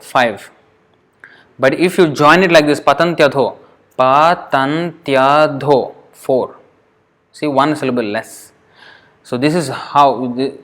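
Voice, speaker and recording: Guy teaching verse pronunciation, patient, kinda halting, repeats words slow. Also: medium pitch. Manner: halting, with fillers and self-corrections. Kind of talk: classroom lesson.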